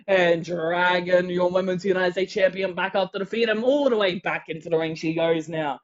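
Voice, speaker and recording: An excitable wrestling commentator calls every move of the match, bursting into shouts whenever a big hit lands. The pitch sits in the middle range. The audio is dull and lo-fi. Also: moderate pace, few pauses. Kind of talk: play-by-play commentary.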